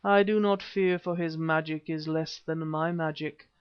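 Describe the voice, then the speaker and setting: A man reading an audiobook, voicing an ancient, half-human male wizard-priest who speaks in a slow, rumbling, threatening way. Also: steady tone, clean tone, close to an everyday voice. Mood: menacing. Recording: dull lo-fi recording.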